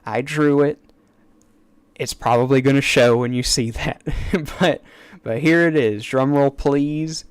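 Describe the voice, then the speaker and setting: A man's voice: medium pitch, fairly even intonation, unhurried, clear, resonant tone, dry recording. A man chatting on a casual live stream at his desk mic, rambling and eager, with stammered restarts and asides. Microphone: desk microphone.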